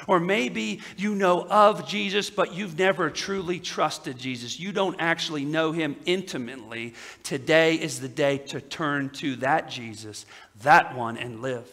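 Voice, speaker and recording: Bright-voiced preaching pastor, man. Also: in a large hall. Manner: preaching with big swings from loud emphatic peaks to quiet low asides. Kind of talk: sermon. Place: church sanctuary.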